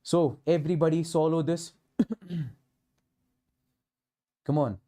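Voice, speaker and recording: A man's voice: a little high, fairly even intonation, takes it slowly, mellow. An Indian man leads an online physics lecture for exam students. He talks emphatically and repeats key phrases, pushing the class to follow each step. He drops Hindi words into his English as he works through problems. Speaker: physics teacher.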